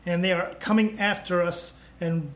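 A man's voice: high voice, fairly even intonation, normal speed, fairly bright tone. A man co-hosting a podcast, joking loosely and reading sponsor plugs in a casual chat. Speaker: podcast co-host.

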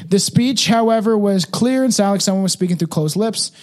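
Podcast host, laughs a lot, swears, mid pitch, rambles through a spooky story. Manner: laughs often, profane, quick asides. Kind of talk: casual podcast chat and story reading.

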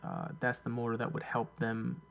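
Gravelly man explaining in casual talk. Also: mid-range voice, monotone, muffled recording, slight background noise. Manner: thoughtful, reads lists slowly. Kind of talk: casual conversational chat.

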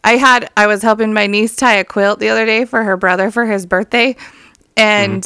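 Chatty woman with a smooth, clear voice. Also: medium pitch, steady tone, normal speed, bright, forceful tone, no echo, clean studio sound. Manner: chatty, giggly, swears casually. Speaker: podcast co-host. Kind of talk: casual chat.

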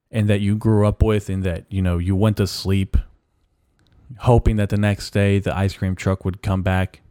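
A young man hosting a solo podcast, giving a halting, mock-mournful rant full of restarts. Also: lowish voice, a little mellow, smooth, no room sound, clean studio sound. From Mexican-American. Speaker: podcast host. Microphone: podcast mic.

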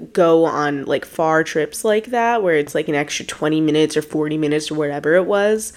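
Young woman reacting with casual swearing. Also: fairly low pitch. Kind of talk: casual chat.

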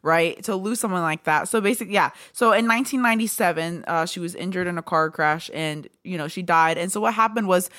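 A woman's voice: lowish voice, brisk, hardly any pauses, fairly bright tone, dry recording, studio quality. A woman co-hosting a podcast, chatting casually and playfully about a book, joking and laughing often. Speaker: podcast co-host.

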